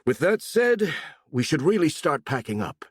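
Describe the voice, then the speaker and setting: Brief: storybook nobleman, polite and apologetic, read by a man, lively intonation. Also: on the high side, moderate pace, husky, no room sound, pitched above the performer's own voice. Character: diplomatic nobleman, polite and brisk.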